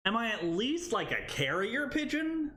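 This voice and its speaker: A man chatting casually with viewers during a live cooking stream, playful and quick to laugh. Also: extremely high pitch. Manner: playful, animated, laughs often. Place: home kitchen.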